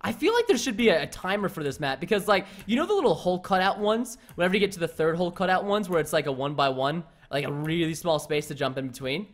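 High-voiced young man teasing over gameplay. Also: animated, fast talker, hardly any pauses. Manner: teasing, playful hype-man cheering; filler-heavy rambling with lots of "like". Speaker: gaming YouTuber. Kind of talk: casual gameplay commentary.

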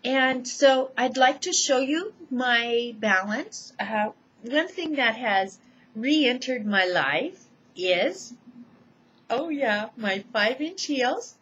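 A woman giving a personal testimonial at home, seated in a chair. She speaks deliberately and lists each change one by one. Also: fairly high pitch, animated, fairly bright tone. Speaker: person describing her own recovery. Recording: dull lo-fi home recording, faint noise.

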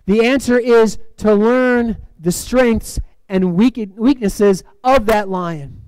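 Animated high-voiced male preacher. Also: takes it slowly, dry recording, low-quality recording. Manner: animated, swings between loud emphatic lines and quiet dramatic drops; acts out movie quotes. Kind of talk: sermon. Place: church.

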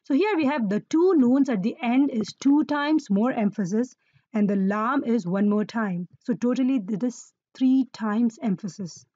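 A woman's voice: on the high side, animated, normal speed, mellow, dry recording, dull audio. A woman teaching Arabic grammar to learners, patiently repeating key words and quizzing her listeners. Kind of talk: explaining Quranic Arabic grammar.

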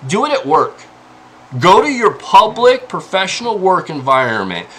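A man's voice: sits high, sing-song, moderate pace, fairly bright tone, low-quality recording. A man ranting about harassment in an exasperated, profane, pleading way, as an indie game developer. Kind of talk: angry personal rant.

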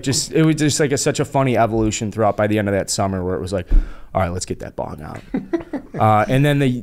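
Young dude hosting, lowish voice, rambly story full of likes and f-bombs. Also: male voice, a little mellow. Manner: rambling, profane, filler-heavy. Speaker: podcast host. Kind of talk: casual storytelling.

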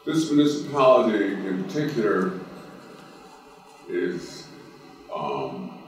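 A Cape Breton man speaks slowly on a conference panel, telling a story in a folksy way and stopping often to restart. His voice sits fairly low, and he sounds far from the mic in a very echoey hall with faint noise. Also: sing-song, faint music behind. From Cape Breton, Nova Scotia. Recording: roomy hall recording from a distance.

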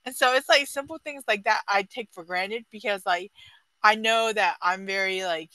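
A woman's voice: mid-range voice, normal speed, pushed and bright, no echo, rough recording. A woman sharing a personal story at a book club in a chatty, casual way. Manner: chatty, lots of "like" and "you know". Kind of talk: casual sharing in a group discussion.

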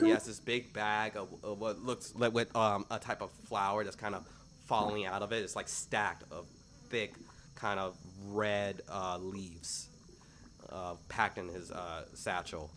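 A man's voice: lowish voice, little pitch movement, a little slow, a bit bright, a little hiss or hum. A man narrating a tabletop game as dungeon master, in a loose, rambling way.

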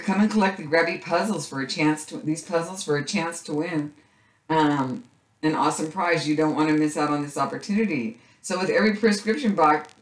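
Woman, middle-aged, low voice, excitable gushing, casual unboxing chat, echoey room, faint hiss. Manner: gushing, excitable, lots of gasps and "so cute". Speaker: craft vlogger unboxing a subscription box.

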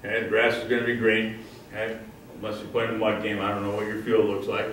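A man's voice: on the low side, monotone, fast, a bit bright, slight background noise. A man coaching defensive line drills, checking in with "okay?" and calling out drill cues. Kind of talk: coaching clinic demonstration. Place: indoor training facility with a wall. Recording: echoey indoor space, mic held far off.

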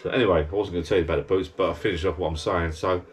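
A man's voice: sits low, steady tone, rapid-fire. A man, rambling and grumbling in a casual monologue from his backyard garden bar. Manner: chatty, grumbling rant. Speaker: vlogger.

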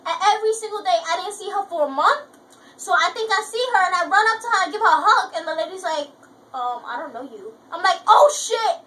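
High, bright-voiced young woman joking crudely. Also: quick pace. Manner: crude, loud and joking, often breaking into laughter. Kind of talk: casual chat among friends on camera. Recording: home video, distant mic, faint room noise.

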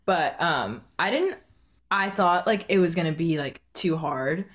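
A young woman in her twenties from the Bay Area, a podcast guest telling stories in casual chat, full of "like" fillers and quick laughs. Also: fairly low pitch, lively intonation. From San Francisco Bay Area, USA.

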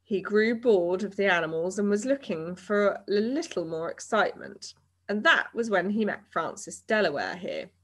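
A woman's voice: mid-range voice, big pitch swings, moderate pace. A woman voicing a confident boy who speaks in a raised, firm voice. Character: brisk, confident boy taking charge.

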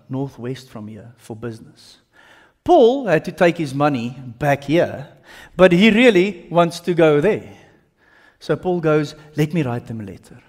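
Animated preacher. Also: male voice, fairly high pitch, in a large hall. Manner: animated, conversational, joking asides. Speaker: pastor. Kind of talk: sermon. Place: church.

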